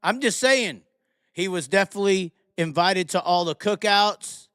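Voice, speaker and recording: Sarcastic ranting man, high and smooth. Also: moderate pace, a bit bright, no room sound, studio quality. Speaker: live stream host. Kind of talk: live call-in chat show.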